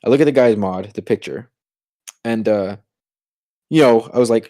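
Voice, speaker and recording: A young man co-hosting a casual podcast, telling a story in an animated way and acting out what others said. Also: lowish voice, normal speed, no room sound, clean studio sound. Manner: animated, acts out quoted voices. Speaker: podcast co-host.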